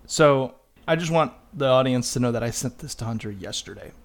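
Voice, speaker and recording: A man co-hosting a casual podcast at a mid-range pitch. He speaks in a relaxed, teasing way and laughs easily. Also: a little fast. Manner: laid-back, teasing, laughs often. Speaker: podcast co-host.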